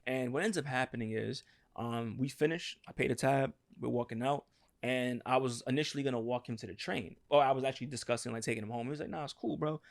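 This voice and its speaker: Animated New man telling a story. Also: medium pitch, quick pace, vocal fry. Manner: animated, profane, acts out quotes. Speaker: podcast co-host. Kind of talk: casual storytelling chat.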